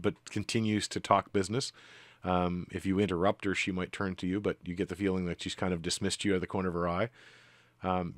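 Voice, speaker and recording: A man with a very low voice narrates a tabletop game as its game master, easy-going and full of ums and uhs. The sound is dry and close. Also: no room sound. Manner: relaxed, many fillers.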